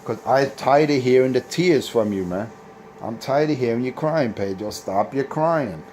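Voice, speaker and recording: A man's voice: medium pitch, normal speed, darkish tone, a little hiss or hum. Boastful, taunting man on a CB radio show. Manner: boastful, taunting trash talk. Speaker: CB radio operator and channel host. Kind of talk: casual radio banter video.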